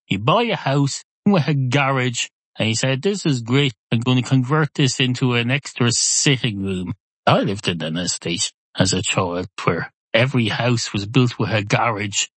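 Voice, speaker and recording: A man's voice: mid-range voice, fairly bright tone, no echo. A middle-aged man, hosting a podcast in a rambling, wry, self-interrupting comic monologue. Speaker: podcast host.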